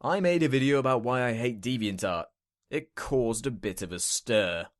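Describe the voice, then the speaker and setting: A man's voice: mid-range voice, normal speed. A young man hosting a comedy rant show, sarcastic and exasperated, swearing freely.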